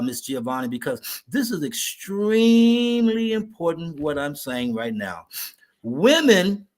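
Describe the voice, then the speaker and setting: A man speaking as a guest on a talk show, an animated storyteller who turns to address the host directly. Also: high-pitched. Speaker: natural remedies advocate, guest.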